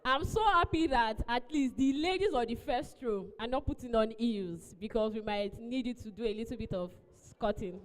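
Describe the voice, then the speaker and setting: Woman event host, high bright voice, keeps coaxing everyone, long hall echo. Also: normal speed. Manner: coaxing, repeats pleas. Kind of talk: live event emcee announcements.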